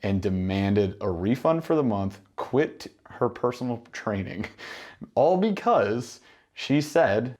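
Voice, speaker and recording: With a lowish, slightly mellow voice, a man speaks slowly in a sing-song rhythm while coaching gym owners. His instructional monologue is emphatic, packed with rhetorical questions and role-played exchanges.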